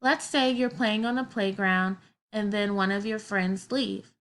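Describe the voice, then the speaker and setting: A woman's voice: medium pitch, steady tone, measured pace, a bit bright. A woman teaching a grammar lesson to children, explaining patiently step by step with everyday examples.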